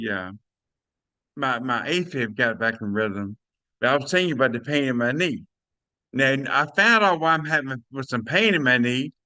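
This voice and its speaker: Older guy on a video call, bright voice, dry sound, hyped testimony, keeps saying y'all. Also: on the high side, dry recording. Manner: animated, preachy, addresses listeners as y'all. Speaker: testimonial speaker.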